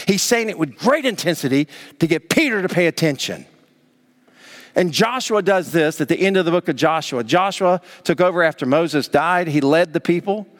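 A male pastor delivers a sermon in a lively, swooping voice pitched a little above the usual for men. He leans hard on key words and acts out scolding parents. His voice carries a long reverb, as if in a large sanctuary hall. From Southern United States. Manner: animated, emphatic, acts out parents scolding children.

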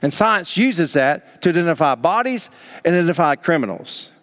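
A male pastor delivers a sermon in a lively, swooping voice pitched a little above the usual for men. He leans hard on key words and acts out scolding parents. His voice carries a long reverb, as if in a large sanctuary hall. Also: moderate pace. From Southern United States. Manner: animated, emphatic, acts out parents scolding children.

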